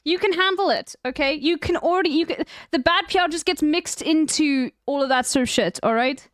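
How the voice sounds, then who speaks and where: A woman's voice: sits high, brisk, no echo, studio quality. A young South African woman with a South African accent, chatting casually and profanely on her stream. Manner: profane, rambling, laughing asides.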